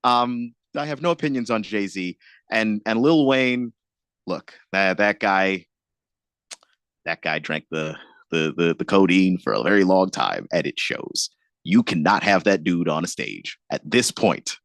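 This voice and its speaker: A man's voice: deep voice, animated, unhurried, a bit bright, no room sound. A man co-hosting a casual sports radio show. He laughs often and stumbles over his restarts.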